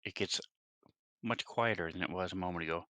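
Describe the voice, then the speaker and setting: A low-pitched man with a very bright, tense voice describes his character's moves in the third person during a tabletop game. The sound is dry and close, with no room around it. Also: a little fast, no room sound. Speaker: player. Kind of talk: tabletop game play over voice chat.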